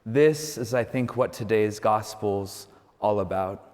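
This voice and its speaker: Conversational priest in a reverberant hall. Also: male voice, on the low side, takes it slowly, a little mellow. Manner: conversational, storytelling, frequent "you know". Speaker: Catholic priest. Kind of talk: homily.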